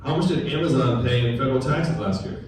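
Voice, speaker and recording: A man's voice: medium pitch, fast talker, crowd noise. Male political candidate, conversational stump speech, quizzes the audience, distant mic in a very reverberant hall. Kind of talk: town hall campaign speech. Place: large echoey room at a political gathering. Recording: very echoey room recorded from afar.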